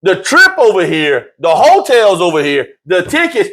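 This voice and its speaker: The man hosting this relaxed sports talk show talks at normal speed with few pauses. He's animated and joking, repeats himself, and jumps up high in pitch when excitement hits.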